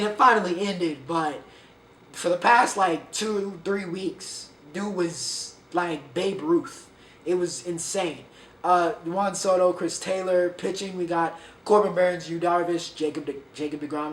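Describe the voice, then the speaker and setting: A man's voice: on the high side, a bit bright, distant mic. A man hosting a sports podcast, chatting casually and rambling, often stumbling over player names. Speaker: podcast host. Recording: echoey room, voice a bit off-mic, faint background hiss.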